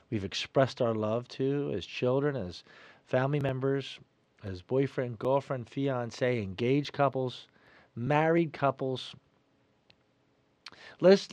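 Middle-aged guy preaching on the radio, earnest, goes loud then soft, dry close mic. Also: mid-range voice, dry recording. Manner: earnest, emphatic, swings between loud and soft. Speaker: Catholic radio host. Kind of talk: spoken reflection, sermon-like. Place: studio.

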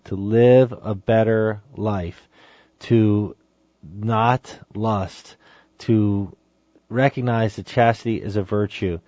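A man's voice: mid-range voice, dark tone, dry recording. A man giving an emphatic Catholic teaching talk on a saint's sermon, exhorting listeners and reading passages aloud. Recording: dry, dull lo-fi sound.

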